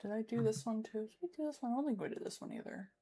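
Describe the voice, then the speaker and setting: A woman's voice: fairly high pitch, racing, dark tone, soft background music. A woman hosting a casual reaction livestream, rambling and correcting herself, laughing easily. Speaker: streamer host.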